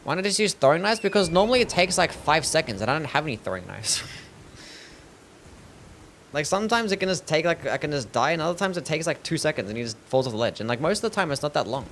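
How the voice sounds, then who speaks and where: A man's voice: on the high side, sing-song, fast, fairly bright tone, a little hiss or hum. A young man chatting casually as he streams a game, swearing freely and reading his chat aloud. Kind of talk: casual livestream commentary.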